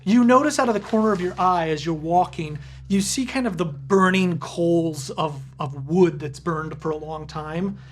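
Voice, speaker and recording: A man's voice: on the high side, normal speed, hardly any pauses, a little hiss or hum. A man narrating a tabletop game as game master, describing scenes and searching for words now and then.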